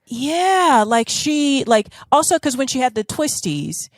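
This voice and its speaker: A woman's voice: high-pitched, sing-song, a little slow, no echo, studio quality. A woman co-hosting a podcast in casual chat, gushing and often searching for her words. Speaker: podcast co-host.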